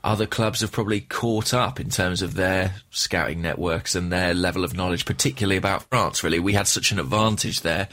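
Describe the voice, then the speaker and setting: A British man with a notably low voice, co-hosting a football podcast. He talks in a thoughtful, casual way and slips in dry, understated humour. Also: fairly even intonation, brisk, hardly any pauses, a bit bright. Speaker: podcast co-host. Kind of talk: casual chat.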